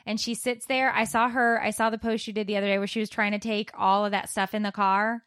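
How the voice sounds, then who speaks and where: A woman in her thirties, a mother, chatting as a podcast co-host and telling stories with lively, dramatic flair. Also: medium pitch, fast talker, no room sound, clean studio sound. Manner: animated, dramatic storyteller. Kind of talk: casual chat. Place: warm recording room.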